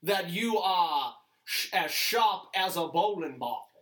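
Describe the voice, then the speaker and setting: A woman's voice: lowish voice, animated, takes it slowly. A woman co-hosting a casual comedy chat, rambling, swearing and laughing often, in a roomy-sounding recording. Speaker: podcast co-host. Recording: roomy echo.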